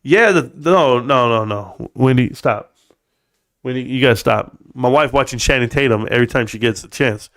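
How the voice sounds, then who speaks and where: A man's voice: mid-range voice, normal speed, fairly bright tone. Joking, blunt male live-streamer. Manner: joking, blunt, says "bro" a lot, swears. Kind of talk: casual live-stream chat.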